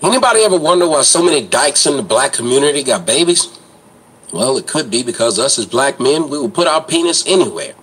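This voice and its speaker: A man's voice: mid-range voice, fairly bright tone, husky, low-quality recording. A man hosting an online commentary show, ranting in a blunt, crude, mocking way.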